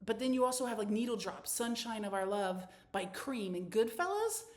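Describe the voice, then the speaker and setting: A woman's voice: on the high side, normal speed. Woman in her thirties, podcast host, effusive and chatty, stumbles and restarts a lot. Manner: animated, effusive, frequent restarts and stammers. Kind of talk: casual solo podcast monologue.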